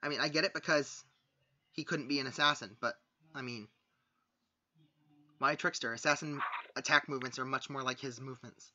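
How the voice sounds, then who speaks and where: Brief: very bright, higher-pitched man, inquisitive podcast co-host, lo-fi mic. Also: fairly even intonation, slight background noise. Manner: inquisitive, quick questions and suggestions. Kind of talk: casual podcast chat about video games. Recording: dull lo-fi mic.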